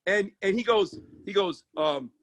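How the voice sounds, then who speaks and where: A man who works as a sports agent and comedian, telling stories in casual chat, animated and profane, with many restarts. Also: high voice, measured pace, no echo.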